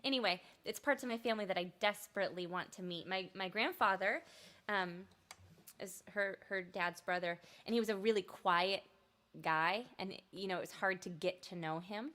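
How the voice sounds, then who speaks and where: A woman's voice: medium pitch, moderate pace, a bit bright. A woman singer-songwriter hosting an online concert. She chats casually between songs, laughs often, rambles and swears lightly.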